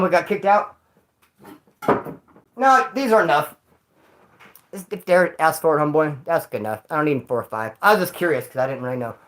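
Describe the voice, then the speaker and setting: Male streamer, rambling storyteller, street slang and swearing, swings from loud to muttered. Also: fairly high pitch, low-quality recording. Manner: jumps between loud bursts and mutters. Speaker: livestreamer. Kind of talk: casual storytelling to a live chat.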